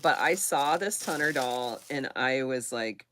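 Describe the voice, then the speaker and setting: A woman's voice: rumbling low, a little slow, a bit bright. A woman in her thirties from Kansas, chatting on a live stream about dolls, rambling, laughing often and close to tears. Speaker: doll collector hosting a live chat. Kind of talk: casual live-stream chat.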